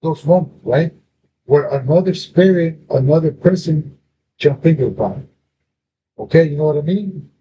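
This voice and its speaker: A podcast host with a voice on the high side tells a personal story at a moderate pace, pausing often. His casual talk is profane and loaded with street slang, and he calls his listener bro. The audio is dull and lo-fi with faint noise.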